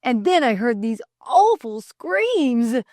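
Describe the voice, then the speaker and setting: A woman's voice: fairly high pitch, sing-song, takes it slowly, darkish tone, dry recording, clean studio sound, voice pushed up, full character voice. A woman voicing a fussy, earnest young male lay reader who talks in a flustered, insistent way.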